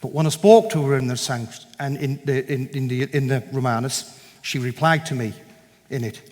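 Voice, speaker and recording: A man giving a personal testimony at a church gathering, telling his story in an animated way and acting out the conversations in it. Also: mid-range voice, normal speed. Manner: animated storyteller who acts out dialogue. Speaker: guest speaker giving a testimony. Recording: echoey hall with long reverb.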